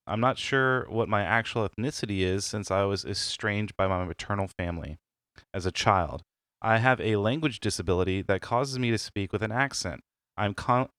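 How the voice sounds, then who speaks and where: Smooth-voiced, easygoing man on a podcast. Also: on the low side, a bit bright, no echo, studio quality. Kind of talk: casual podcast chat, reading a question.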